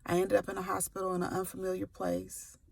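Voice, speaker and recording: A woman's voice: mid-range voice, monotone, fast, vocal fry, a little mellow, husky. A woman in her forties telling her own story to camera, candid and playful, with slangy asides. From California. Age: 40s. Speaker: sickle cell advocate. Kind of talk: personal testimony to camera. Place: before work, recording a video.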